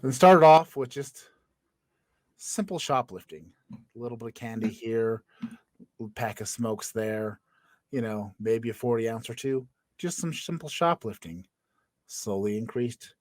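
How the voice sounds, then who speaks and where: A man's voice: mid-range voice, expressive, unhurried, long pauses, a little mellow, no echo. A young man co-hosting a casual comedy podcast. He laughs often and makes up silly stories as he talks. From Florida. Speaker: podcast co-host.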